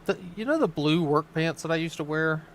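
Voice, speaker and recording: A man's voice: fairly high pitch, animated, brisk, a loud crowd. A man co-hosting a casual chat, mocking and swearing as he laughs his way through clips. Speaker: co-host.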